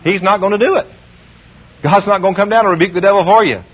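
Husky guy preaching a sermon, call and response, muffled old radio sound. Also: sits high. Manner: call-and-response preaching, slows and rises reading scripture.

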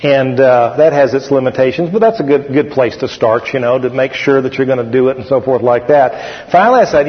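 A man's voice: medium pitch, brisk, few pauses. A middle-aged man preaching a folksy sermon. He tells a story, repeats phrases and calls on the congregation to answer. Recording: dull echoey hall recording.

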